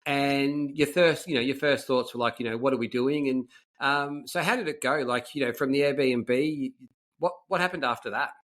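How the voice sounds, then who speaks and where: A man hosting a podcast, asking loose, rambling questions in a relaxed way. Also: mid-range voice, normal speed. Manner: easygoing, rambling questions with fillers. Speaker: podcast host. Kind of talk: casual interview chat.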